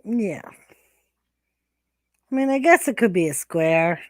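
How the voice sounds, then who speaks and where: A woman's voice: medium pitch, lively intonation, slow, no room sound, clean studio sound. A woman hosting a casual livestream chat, crude and teasing, laughing often. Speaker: livestream host.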